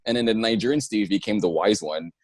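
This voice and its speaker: A man who is a singer-songwriter and actor, chatting casually as a guest in an interview. He is animated, laughs often and restarts his sentences. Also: on the low side, fast talker, no room sound.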